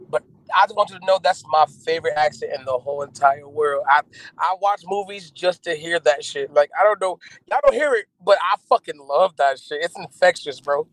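An excitable man talks as an interview guest, grateful and quick to laugh. His voice sits slightly high for a man, and he is calling in from a car on the road. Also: poor audio. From North Carolina. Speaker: rapper, guest. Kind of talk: casual interview. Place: in a moving car.

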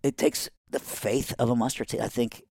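A middle-aged man from Iran, a podcast guest, telling a family story in an animated way and acting out the people in it. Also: medium pitch, moderate pace, vocal fry, no room sound, studio quality.

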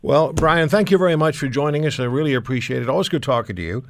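A man's voice: on the high side, quick pace. A man hosting a talk show, speaking in a conversational, musing way. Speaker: host.

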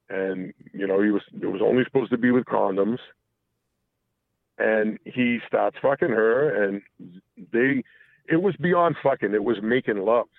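This man phones in to a talk show and shares a candid personal tale, wandering off, restarting and swearing as he goes. He speaks unhurriedly in a fairly low, creaky voice. The sound is dry and tinny, as over a phone line.

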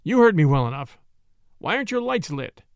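A man reading a story, voicing a hoarse, suspicious policeman on night patrol who barks demands. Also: high voice, big pitch swings, moderate pace, no room sound, pitched above the performer's own voice, heavily acted. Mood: demanding. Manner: barking, demanding. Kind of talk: audiobook character voice.

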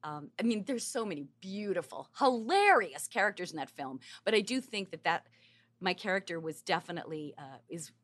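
A woman's voice: lowish voice, sing-song, fairly quick, fairly bright tone. A woman actress chatting casually as an interview guest, with many fillers.

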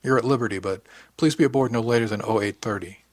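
A man voicing a calm, formal senior officer in an audiobook. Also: mid-range voice, fast, no echo, studio quality, lightly acted.

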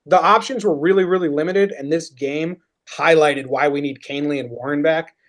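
Fast, opinionated young guy talking baseball. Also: fairly high pitch. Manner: animated, opinionated, talks in quick bursts. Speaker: podcast co-host. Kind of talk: casual sports chat.

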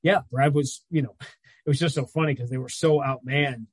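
A man, a radio play-by-play announcer, talking sports as a guest on a video call, telling animated stories with quick asides. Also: mid-range voice, husky, dry recording, poor audio. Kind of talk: casual sports talk over video call.

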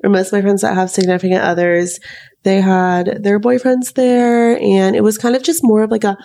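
Young woman with a creaky voice. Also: mid-range voice, little pitch movement, normal speed, mellow. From United States. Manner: chatty storytelling, lots of "like" and "um". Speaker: podcast co-host. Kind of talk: casual chat.

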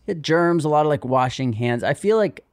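A man's voice: fairly high pitch, expressive, moderate pace, dry recording, clean studio sound. A man chatting as a podcast guest, rambling with lots of "like" and acting out little quotes. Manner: rambling, frequent "like", acts out quotes. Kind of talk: casual chat.

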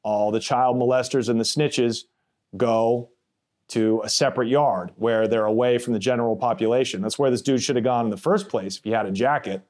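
A man's voice: mid-range voice, steady tone, a little fast, darkish tone. A man telling his own story in a plainspoken, blunt way, casual and with swearing, acting out other people's voices in quotes. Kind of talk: first-person storytelling podcast.

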